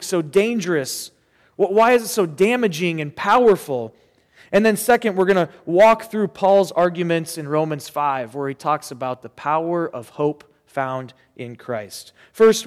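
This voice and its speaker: A man's voice: sits high, in a large hall. A man preaching a sermon as pastor, earnest and conversational with casual asides, in a church sanctuary.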